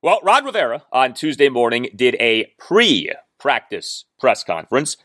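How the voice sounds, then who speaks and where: A man hosting a sports talk podcast, reading ads and giving emphatic, measured commentary. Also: medium pitch, fairly bright tone, dry recording, clean studio sound. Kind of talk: podcast commentary and host-read ad.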